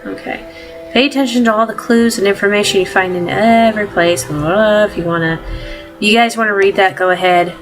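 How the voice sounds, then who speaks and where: Relaxed woman gamer, music behind. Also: medium pitch, fairly quick. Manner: relaxed, hesitant, lots of fillers. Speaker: gamer playing a detective game. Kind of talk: casual let's-play commentary.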